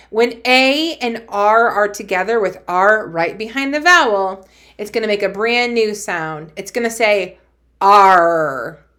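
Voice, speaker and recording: A woman's voice: on the high side, sharp tone. A woman teacher giving a cheerful phonics lesson to young children, sounding out letters and praising them.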